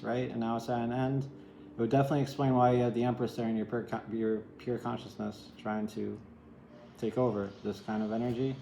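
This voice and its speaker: A man's voice: on the low side, creaky, mellow, roomy sound, slight background noise, rough recording. Candid rambling man reading tarot. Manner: rambling, candid, swears and laughs often. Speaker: tarot reader.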